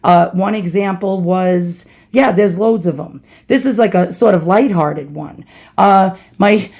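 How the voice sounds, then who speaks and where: A woman's voice: lowish voice, a little slow, a little mellow. A woman from New City, casually telling a personal story and acting out the people in it. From New York City. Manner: chatty, acts out quoted people. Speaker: storyteller vlogger.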